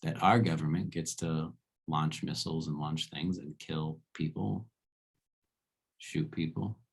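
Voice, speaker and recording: A man with a low, gravelly voice gives a relaxed philosophy lecture, often asking his listeners "right?". His tone is husky and a little rough at the edges. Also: measured pace. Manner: conversational, checks in with rhetorical "right?". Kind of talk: casual spoken lecture.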